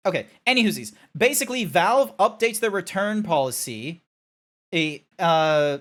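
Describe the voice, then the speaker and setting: A man streaming live, chatting casually with viewers in a rambling, sidetracking way, swearing and filling pauses with nonsense sounds. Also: sits high, big pitch swings, a bit bright. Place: Australia.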